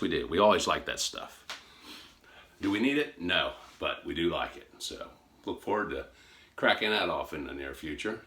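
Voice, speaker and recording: A man's voice: fairly low pitch, expressive, moderate pace, noisy background. A man chatting casually as he unboxes on a phone, folksy and rambling, with many fillers and restarts. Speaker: gun hobby vlogger.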